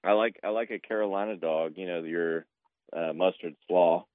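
Low-voiced laid-back man, tinny line. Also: moderate pace, dry recording. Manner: rambling with restarts, laid-back. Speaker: podcast co-host. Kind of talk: casual chat.

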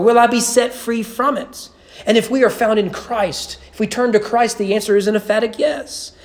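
A man preaching a Sunday morning sermon in a church, earnest and emphatic, building repeated phrases and dropping in wry asides. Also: high-pitched. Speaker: pastor. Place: church sanctuary.

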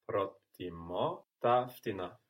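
A man's voice: lowish voice, animated, fairly bright tone. A man working as a language student, answering drill questions carefully and sometimes correcting himself partway through. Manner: slow, careful answers with occasional self-corrections.

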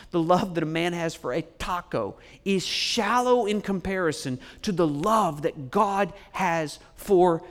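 A man preaching to a congregation in church, swinging from hushed, drawn-out phrases to booming declarations and calling on listeners to respond. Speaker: pastor. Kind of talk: sermon.

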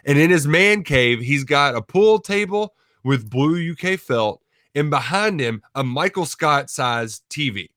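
A man's voice: fairly high pitch, expressive, measured pace, hardly any pauses, fairly bright tone, no room sound, studio quality. A man co-hosting sports radio, talking casually with lots of fillers. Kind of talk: sports radio talk and live ad read.

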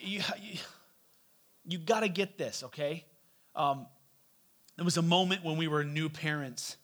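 A man's voice: on the high side, fairly bright tone. A man in his forties preaching a sermon in a loose, conversational way, with asides to the congregation. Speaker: pastor.

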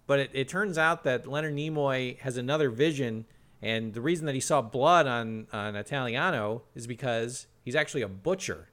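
A man recapping a show's plot for a comedy podcast, animated and jokey, with frequent restarts. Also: medium pitch, normal speed. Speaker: podcast co-host recapping a show.

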